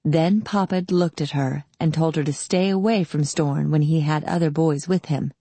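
A woman narrating an audiobook in a calm, steady storytelling manner. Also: low voice, normal speed, husky, dry recording. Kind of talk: scripted narration.

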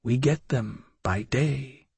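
A man's voice: medium pitch, slow, creaky, a little mellow, slightly rough, no echo, heavily acted. A man voicing a fierce, commanding German village innkeeper woman with a guttural German accent, in an audiobook reading. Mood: grave warning.

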